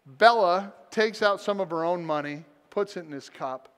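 A man's voice: sits high, moderate pace, a bit bright, clear, resonant tone. A man preaching a sermon as pastor, telling a personal story with self-deprecating humor. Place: church sanctuary. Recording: long church reverb.

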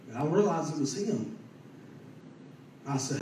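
A man preaching a sermon and telling a personal story, fervent and building to loud emphatic peaks. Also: mid-range voice, animated, measured pace, pauses often, a little hiss or hum. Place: church sanctuary. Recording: echoey church from a distance.

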